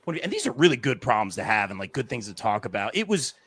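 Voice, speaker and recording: Bright-voiced man hosting a live show. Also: mid-range voice, big pitch swings, rapid-fire, husky, dry recording. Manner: reads viewer comments aloud. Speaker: podcast host. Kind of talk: casual live-stream chat.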